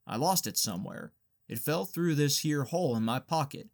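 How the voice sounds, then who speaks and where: A man's voice: on the high side, animated, moderate pace, creaky. A man voicing Luster, a restless, bossy Southern teenage boy with a drawling, scolding way of talking, in an audiobook reading.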